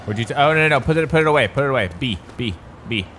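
A man's voice: mid-range voice, racing, slight background noise. Joking young man doing game commentary. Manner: joking, excitable. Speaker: YouTuber. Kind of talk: gameplay commentary. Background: game music.

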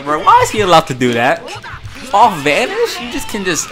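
A man giving casual, frustrated commentary on his gameplay, swearing and jumping into high-pitched yelps when things go wrong. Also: wildly swooping pitch, brisk. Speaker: gaming YouTuber. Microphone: desktop USB microphone. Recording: game music behind voice.

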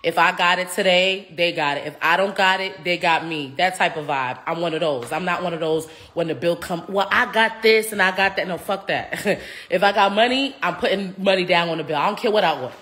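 Speaking a little fast in a lowish voice, a thirtysomething reality TV cast member talks casually in an interview across a restaurant table. She's animated throughout, laughs often, and swears freely.

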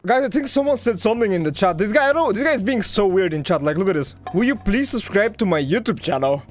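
A man giving excitable live commentary over his own gameplay, talking to his viewers and swinging from loud hype to low muttering. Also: fast talker, soft background music. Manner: talks to viewers as "guys". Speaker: gaming video creator.

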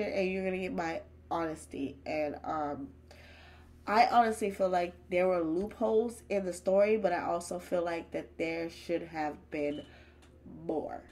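A woman hosting her own horror reaction channel, talking back to the screen in an emphatic, excitable, chatty way. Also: on the low side, rough recording. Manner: chatty, uses homespun comparisons. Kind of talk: casual reaction commentary.

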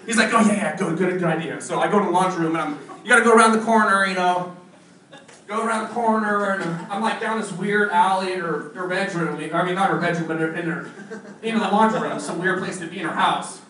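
A man telling comic stories from his life to a live audience, laughing often and talking in a loud, animated way. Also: sits high, quick pace. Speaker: storyteller at a ward variety show. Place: church hall with a live audience. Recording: roomy hall, mic at a distance, audience noise.

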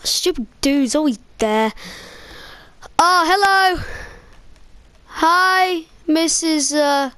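High-voiced woman in casual game role-play. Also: drawn-out words, pauses often, a bit bright, no room sound. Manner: hesitant, many fillers.

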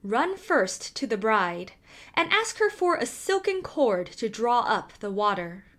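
A woman reading a calm talking river. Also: on the high side, measured pace. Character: talking river in a fairy tale.

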